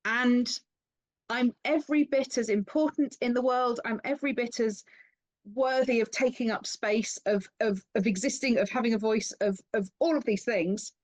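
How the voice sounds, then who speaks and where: A woman hosts an interview and shares her views with earnest conviction. Her voice sits a little high. She sounds thoughtful and speaks conversationally. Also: normal speed, darkish tone, rough recording. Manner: earnest, reflective. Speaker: interviewer, host.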